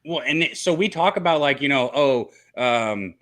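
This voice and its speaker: Man, middle pitch, bright tone, casual host of a live betting stream, excitable. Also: moderate pace. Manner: excited, swears, shouts out chat viewers.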